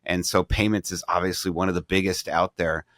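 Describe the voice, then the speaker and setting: A man's voice: low voice, fairly even intonation, fairly quick, a bit bright, no room sound, studio quality. A middle-aged man co-hosting a business podcast, talking casually and often restarting his sentences as he thinks aloud. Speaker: podcast co-host, banking advisor.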